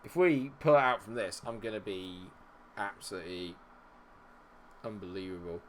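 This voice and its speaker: A young man commentating his own game on stream, muttering tensely and then yelling and swearing. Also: fairly low pitch, moderate pace, slight background noise. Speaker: gaming streamer.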